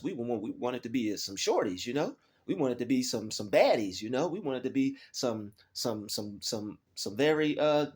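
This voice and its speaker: A male vlogger delivering a loose, preachy monologue straight to his audience. He calls his listeners fellas and often stumbles, repeating words as he works his way toward the point. His voice sits at an ordinary middle pitch. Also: a little mellow, breathy edge. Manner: preachy, addresses viewers as fellas, repeats words while finding them. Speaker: YouTube channel host. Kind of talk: casual monologue to camera.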